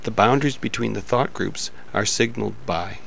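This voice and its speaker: A man narrating a pronunciation lesson in a measured, explanatory reading style. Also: lowish voice, creaky, fairly bright tone, slightly rough. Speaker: pronunciation instructor.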